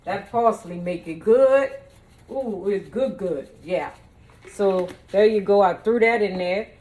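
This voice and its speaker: A woman's voice: medium pitch, takes it slowly, dark tone. Playful woman chatting while she cooks. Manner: chatty, playful, talks straight to viewers. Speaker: home cook and vlogger. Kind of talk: casual cooking demonstration. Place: home kitchen.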